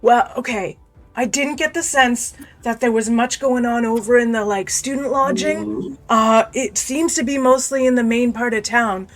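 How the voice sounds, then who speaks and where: A woman's voice: fairly high pitch, normal speed, soft background music, natural voice. A woman voicing an exasperated, blunt male town sheriff in a tabletop role-play game. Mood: uneasy. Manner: blunt, exasperated, talks straight.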